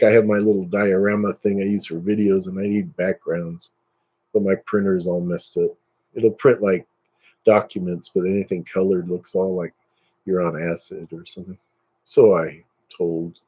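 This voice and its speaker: Mellow and husky, a man's voice carries through a casual live stream where he chats with his audience. He rants dismissively, and his pitch leaps up when he gets worked up.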